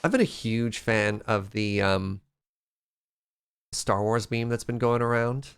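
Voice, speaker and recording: A man's voice: on the low side, takes it slowly, smooth. A man streaming a game live, chatting casually and playfully, reading out and thanking his viewers.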